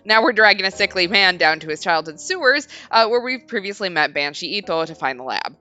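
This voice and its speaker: A woman's voice: medium pitch, lively intonation, fairly quick, bright, forceful tone, soft background music. A woman hosting a let's play, chatting casually and reading the game's text aloud in a storytelling tone, with frequent giggles.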